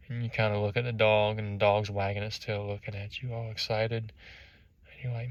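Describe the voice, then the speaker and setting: A man with a low voice tells a motivational story aimed straight at the listener. He acts out each scene with animation. The sound is close and dry. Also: little pitch movement, fairly quick, dry recording, muffled recording. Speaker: motivational speaker. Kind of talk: motivational storytelling in second person.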